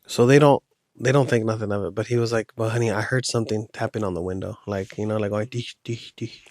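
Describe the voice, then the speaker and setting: A man's voice: lowish voice, steady tone, fast, a little mellow, no echo, clean studio sound. A man hosting a podcast, telling a horror story in a loose, casual way with slang. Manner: loose, rambling retelling with slang.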